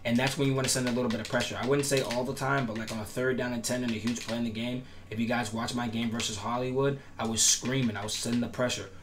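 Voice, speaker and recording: Talking fast with hardly any pauses, this medium-pitched man keeps a level tone over a noisy background. He's a gaming tutorial creator covering defensive setups in a casual tutorial, repetitive and emphatic in his instruction and promises, his voice cracking at times.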